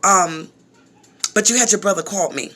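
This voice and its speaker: Animated woman telling a story. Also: on the low side, normal speed. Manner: animated, repeats phrases, frequent asides to viewers. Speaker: vlogger. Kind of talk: casual storytelling vlog.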